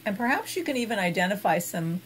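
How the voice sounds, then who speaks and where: A woman giving an instructional talk as an expert on emotional eating, guiding gently and unhurriedly with soft hesitations. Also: medium pitch, sing-song, quick pace, slight background noise, poor audio.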